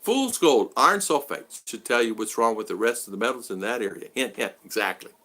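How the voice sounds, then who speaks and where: Middle-aged American man, bright rambling livestream host, talks in loops. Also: mid-range voice, expressive, brisk. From United States. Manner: rambling, repeats himself. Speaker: vlogger. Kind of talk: casual livestream chat.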